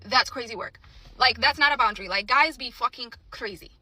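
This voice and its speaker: A young woman rattles off her story at a quick clip, blunt and indignant, cursing without hesitation. Her voice sits a little high and comes across very bright and sharp. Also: no echo. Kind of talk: casual storytime to camera.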